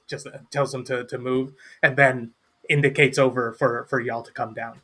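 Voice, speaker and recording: A man narrating a tabletop game as game master, his voice bright and forward with a husky grain. He talks casually, rambling and restarting as he sets the scene. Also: medium pitch, flat delivery, normal speed.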